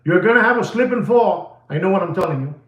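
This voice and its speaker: A man's voice: sits high, expressive, fast talker, a bit bright, muffled recording. A man hosting a watch channel, rambling and lecturing, repeating himself for emphasis. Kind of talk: rambling video monologue. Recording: echoey room.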